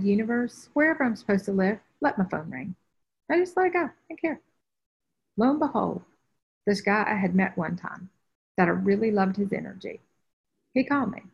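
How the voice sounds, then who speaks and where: A woman's medium-pitched, gravelly voice with a breathy edge tells a personal story on a group video call. She is a spiritual teacher and an animated storyteller who acts out the voices she quotes, and the call audio sounds dull and lo-fi.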